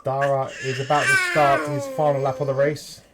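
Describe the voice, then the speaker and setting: British guy calling an online race, jokey and shouty, loads of noise behind him. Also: medium pitch, moderate pace. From United Kingdom. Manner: jokey, rising to excited shouts. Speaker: race commentator. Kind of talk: sim racing commentary. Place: home room with children nearby. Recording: loud background noise.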